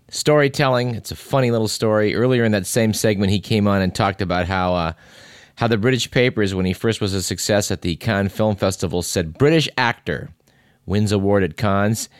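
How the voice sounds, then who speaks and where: A man hosts a show in a relaxed, unscripted monologue, pausing often to find his words. His voice sits fairly low. The sound is dry and close, with no room echo. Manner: halting, with many filler pauses. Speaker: radio show host. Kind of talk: casual on-air monologue.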